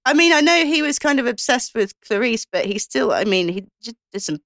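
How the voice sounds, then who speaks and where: A woman discussing films in casual chat, halting often with ums and restarts. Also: on the high side, big pitch swings, fairly bright tone, dry recording, studio quality. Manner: hesitant, many ums and restarts.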